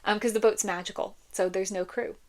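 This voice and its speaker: A woman's voice: medium pitch, steady tone, brisk, darkish tone. A woman chatting to camera about books, gushing, often laughing, with many fillers. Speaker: book reviewer. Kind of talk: casual chat to camera.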